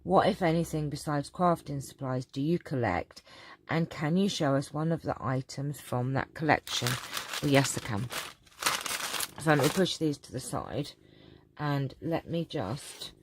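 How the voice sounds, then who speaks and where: A woman with a sore, hoarse throat, chatting casually through a vlog Q&A with lots of ums and throat-clearing. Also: sits low, measured pace, background noise. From England. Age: adult, about to marry. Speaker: crafting channel host.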